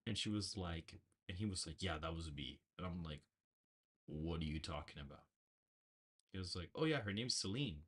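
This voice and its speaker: Husky-voiced man telling a rambling story. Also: low voice, animated, fairly quick, few pauses, fairly bright tone. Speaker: political show host. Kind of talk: casual livestream chat. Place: bedroom.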